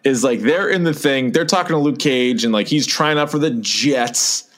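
A man co-hosting a casual podcast chat, animated and sarcastic, often acting out mocking quotes. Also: mid-range voice, normal speed. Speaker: podcast co-host.

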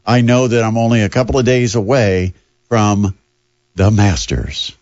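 A man's voice: lowish voice, unhurried, a little mellow, no echo, lo-fi sound. An older man hosting a sports radio show, chatting casually in a rambling, self-deprecating way.

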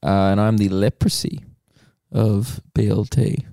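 A man's voice: on the low side, fairly even intonation, unhurried, gravelly, mellow, dry recording, studio quality. A young Australian man co-hosting a podcast, musing and joking. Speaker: podcast co-host. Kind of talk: casual chat.

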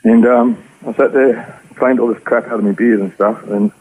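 A man with an Australian accent telling his personal story in rough, slangy speech as an interview guest. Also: medium pitch, steady tone, normal speed, phone-quality sound. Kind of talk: personal testimony.

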